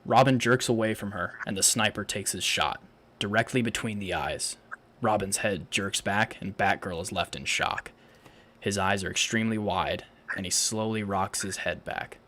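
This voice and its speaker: A man's voice: lowish voice, moderate pace, pushed and bright. A man narrating stage directions in a live read of a fan audio drama, plain and matter-of-fact.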